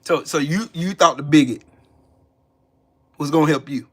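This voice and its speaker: A man's voice: a little high, moderate pace, breathy edge. A man hosting a casual livestream commentary, mocking and profane, repeating his jabs. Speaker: channel host.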